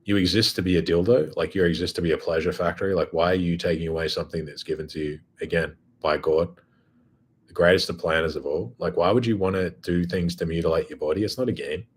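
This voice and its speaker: A man's voice: deep voice, fairly even intonation, quick pace, a little hiss or hum. A man hosting his own show, talking in a blunt, profane, casual monologue. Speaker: host.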